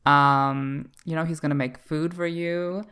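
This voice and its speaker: A man's voice: fairly high pitch, fairly even intonation, unhurried, pushed and bright, clean tone. A man from Canada co-hosting a podcast, talking in a campy, playful and teasing way in casual chat. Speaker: podcast co-host.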